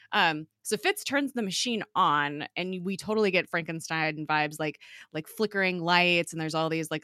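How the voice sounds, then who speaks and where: A woman with a low voice and a bright, forward tone talks through a TV episode in casual chat. She piles on fillers and laughs often, and the sound is close and dry. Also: clear, resonant tone, no room sound. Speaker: podcast co-host recapping a TV episode.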